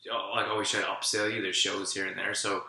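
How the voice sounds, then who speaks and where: Bright-voiced man chatting in an echoey room. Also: fairly low pitch, flat delivery, quick pace. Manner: rambling, heavy use of "like". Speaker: co-host of a wellness channel. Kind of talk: casual chat.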